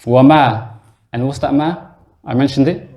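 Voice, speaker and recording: Male teacher, mid-pitched, leads a beginners' class in a mosque classroom, explains patiently and quizzes students. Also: fairly even intonation, normal speed, dark tone. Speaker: Arabic teacher. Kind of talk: classroom lesson.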